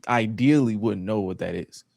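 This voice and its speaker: A man co-hosting a casual wrestling chat podcast, animated and laughing often, his voice jumping high when he jokes. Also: normal speed, creaky, dry recording, studio quality. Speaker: podcast co-host.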